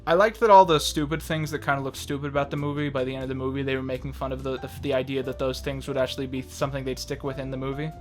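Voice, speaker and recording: A man's voice: medium pitch, flat delivery, rapid-fire, few pauses, soft background music. A young man chatting casually as a movie review co-host, rambling with lots of fillers and restarts and laughing often.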